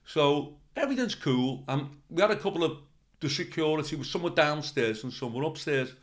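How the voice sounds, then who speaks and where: An older man, a comedian telling stories in an interview, animated and swearing freely as he acts out the people in them. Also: fairly high pitch, moderate pace. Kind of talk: anecdotal interview storytelling.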